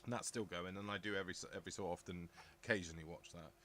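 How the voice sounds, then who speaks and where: A middle-aged man from southern England hosts a casual live stream, thinking aloud and answering viewers' comments. His voice sits a little low but has a bright, forceful edge. He rambles and muses as he goes. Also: fairly even intonation, very fast, a little hiss or hum. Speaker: live stream host reading chat. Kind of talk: casual live-chat talk.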